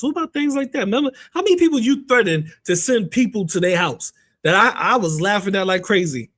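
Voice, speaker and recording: A man hosting commentary on online drama, talking in an animated, mocking way and often breaking into laughter. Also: high voice, brisk, few pauses. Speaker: commentary host.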